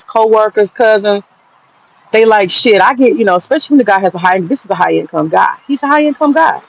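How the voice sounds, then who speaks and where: On a muffled recording, an American woman with a gravelly, mid-range voice hosts a livestream, reading the chat and ranting bluntly and profanely.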